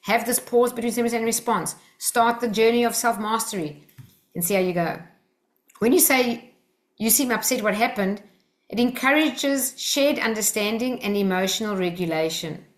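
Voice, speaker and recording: A woman's voice: fairly high pitch, moderate pace. An Australian woman teaching a workshop group, talking in an earnest, personal, coaching way.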